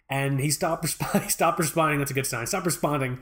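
A man's voice: on the high side, brisk, hardly any pauses, a bit bright. A man co-hosting a podcast, telling a rambling, profane story in mock fury in casual chat. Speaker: podcast co-host.

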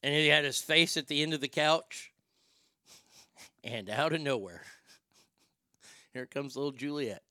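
A man's voice: a little high, unhurried, long pauses, sharp tone, no echo. A man in his forties hosting a casual livestream from his home studio, rambling and joking with plenty of swearing. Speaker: livestream host.

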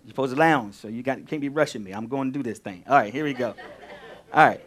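A male pastor teaching a sermon, animated, repeating key phrases and firing questions at his congregation. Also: medium pitch, fast.

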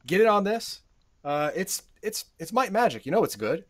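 A man's voice: high voice, sing-song, normal speed. A man co-hosting a live stream, chatting and bantering in an easygoing, agreeable way. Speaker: stream co-host. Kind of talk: casual live-stream chat.

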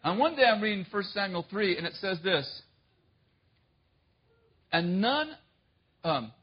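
A man delivers a sermon as a running personal story, mocking himself and laughing along the way. His voice sits a little high and has a husky edge. The recording sounds dull and muffled. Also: measured pace. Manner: animated, self-mocking, laughs often. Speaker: preacher.

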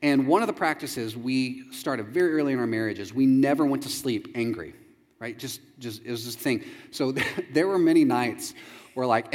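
A man preaching a sermon as a pastor, animated and jokey, acting out quotes with big jumps in pitch. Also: long reverb tail.

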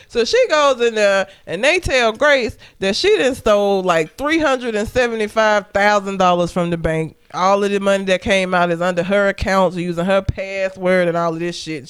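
A woman co-host tells a film's story with lively, profane energy. Her voice is smooth and clear, at a middling pitch for a woman. Her recap is casual and dramatic. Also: moderate pace, hardly any pauses. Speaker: podcast co-host. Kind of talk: casual movie recap chat.

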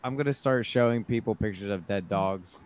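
A man's voice: fairly low pitch, normal speed, a loud crowd. A man talking emphatically and joking in a casual podcast chat. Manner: emphatic, jokey.

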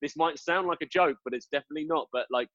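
A British man co-hosting a podcast, chatting casually in an animated, rambling and self-mocking way. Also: on the high side, fast talker, dry recording. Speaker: podcast co-host. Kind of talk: casual chat. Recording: dull lo-fi sound.

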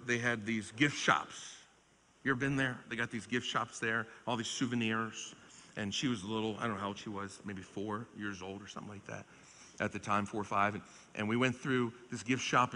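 Preaching man, bright ringing voice. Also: mid-range voice. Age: 40s. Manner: swings between shouting exhortation and quiet storytelling. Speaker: pastor. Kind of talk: revival sermon. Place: large church sanctuary. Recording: long church hall reverb.

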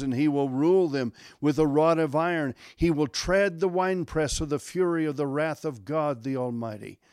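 A pastor reading a Bible passage aloud in a measured, solemn way with emphatic rises. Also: male voice, a little high, a little mellow, dry recording, clean studio sound. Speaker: guest scripture reader, pastor. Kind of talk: scripture reading.

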